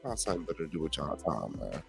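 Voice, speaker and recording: A man hosting his own podcast, talking in a blunt, profane, animated rant to his listeners. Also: a bass voice, fast, gravelly, soft background music. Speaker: podcast host. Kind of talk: casual solo commentary.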